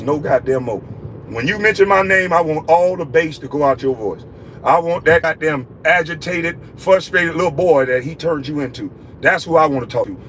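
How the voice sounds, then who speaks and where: A man's voice: fairly high pitch, fairly bright tone, a little hiss or hum, rough recording. A man delivering an angry, profane, repetitive scolding rant aimed at a critic. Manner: scolding, repetitive, heavy cursing. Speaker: vlogger ranting at a critic.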